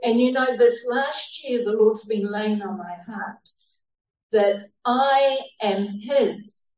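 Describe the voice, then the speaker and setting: A woman's voice: fairly high pitch, slow pace, darkish tone. A woman sharing a personal faith testimony, telling her story earnestly and laughing now and then. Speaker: church member sharing a testimony. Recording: roomy sound from a distant mic.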